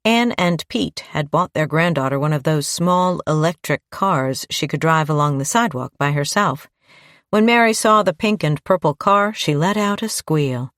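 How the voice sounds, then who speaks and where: Woman narrator, audiobook, measured, low voice, dry close mic. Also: lively intonation, fairly bright tone, dry recording. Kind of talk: scripted narration.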